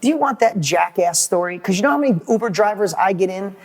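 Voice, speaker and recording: A middle-aged man, a guest in an interview, telling a motivational story with lively, acted-out dialogue and quick repeated words. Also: high voice. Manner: animated, acts out quoted dialogue, repeats words when excited.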